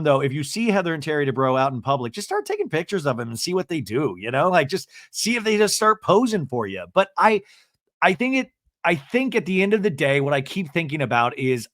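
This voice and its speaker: A man's voice: fairly high pitch, no room sound, clean studio sound. A man hosting a podcast, recapping reality TV in a chatty, gossipy way and acting out quoted lines. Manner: chatty, gossipy, acts out quotes in lively voices. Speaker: podcast host. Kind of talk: casual recap chat.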